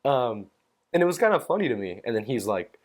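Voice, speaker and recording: A man's voice: mid-range voice, big pitch swings, a little fast. A young man hosting a solo podcast, telling a story in a rambling, profane way with plenty of fillers and amused laughs. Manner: amused, laughs at own stories. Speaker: podcast host. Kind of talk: casual solo rant.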